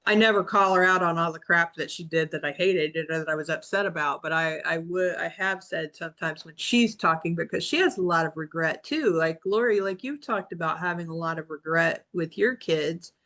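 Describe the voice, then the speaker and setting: A woman's voice: fairly low pitch, a little fast, few pauses, sharp tone. Rambling reflective woman on a video call. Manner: reflective, rambling with restarts and self-quotes. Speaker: book club member. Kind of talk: casual group video call chat.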